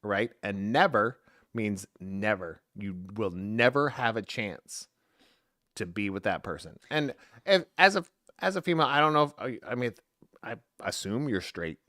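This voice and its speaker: A man's voice: lowish voice, expressive, moderate pace, sharp tone, no echo, clean studio sound. A man co-hosting a podcast in casual chat, rambling and often breaking off mid-sentence. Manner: rambling, self-interrupting. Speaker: podcast co-host.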